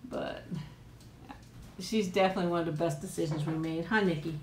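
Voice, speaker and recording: A woman's voice: fairly low pitch, fairly quick, darkish tone, reverberant, a little hiss or hum, low-quality recording. A woman hosting a casual live-chat eating stream from home, talking in a rambling way and laughing often. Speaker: livestream host.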